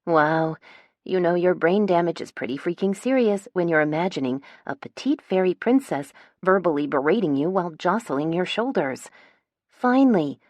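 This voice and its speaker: A woman's voice: lowish voice, normal speed, dry recording. A woman narrating a first-person romance audiobook in a wry, dramatic storytelling manner, on a close studio mic.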